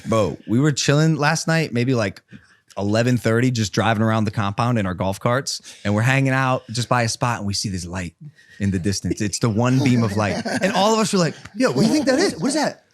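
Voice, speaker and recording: A young man co-hosting a podcast, telling a story in a casual, animated way with lots of swearing. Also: mid-range voice, a little fast, no room sound, studio quality. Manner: animated, swearing, acts out voices in stories. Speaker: podcast co-host. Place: podcast studio.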